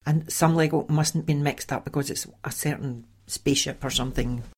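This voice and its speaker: Chatty woman with a gravelly voice. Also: deep voice, normal speed. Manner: chatty, animated, with sighs and laughs. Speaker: podcast host. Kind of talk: casual storytelling monologue.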